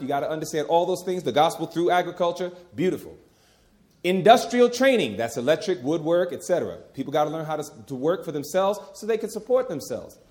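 A man's voice: on the high side, darkish tone. A middle-aged man preaching a sermon, emphatic and folksy, repeating key phrases and talking to the crowd as "y'all".

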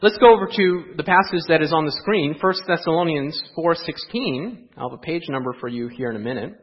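In a church sanctuary, a pastor delivers a sermon, putting rhetorical questions to his listeners and shifting between quiet asides and raised-voice emphasis. His slightly high voice is brisk and a little rough, and the recording sounds dull and muffled.

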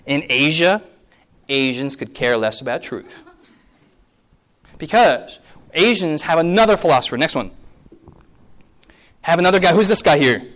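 A man in his thirties, a pastor, giving a lively sermon-style talk with slides, acting out quoted voices and asking the audience questions. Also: a little high, normal speed, pauses often. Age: 30s.

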